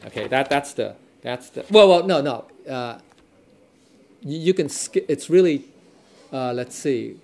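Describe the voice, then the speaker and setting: A man's voice: on the high side, gravelly. A man teaching a Dao scripture lesson in a loose, repetitive way, constantly checking in with his class and mixing in Chinese readings. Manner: repeats himself, checks in with "okay? right?"; switches between English and Chinese readings.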